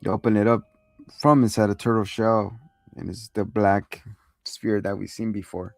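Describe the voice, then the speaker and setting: A man's voice: fairly low pitch, level tone, normal speed, gravelly, darkish tone, no room sound, faint music behind. A man hosting a show, giving a rambling, profane, casual recap of a TV episode and acting out lines. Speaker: show host reviewing a TV episode.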